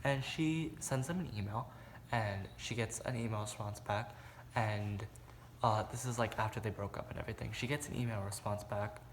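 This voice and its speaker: A man's voice: fairly low pitch, moderate pace, a little hiss or hum. A man vlogging at home, recapping a movie in a rambling, casual way, filling his talk with "like". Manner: rambling, heavy use of "like", acts out quotes. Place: room at home.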